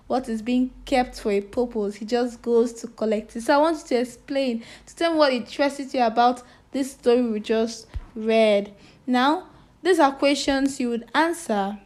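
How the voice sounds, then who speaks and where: Slow, high-voiced woman teacher. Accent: Nigerian. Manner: slow, deliberate, spells words letter by letter. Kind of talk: reading aloud and teaching children.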